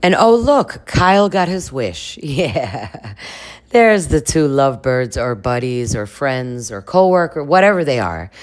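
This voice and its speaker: A woman with an unusually deep voice talks her viewers through a reality show recap. Her delivery swoops and bounces with lively pitch. She laughs often, swears casually and keeps it chatty. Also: normal speed, few pauses, clean tone.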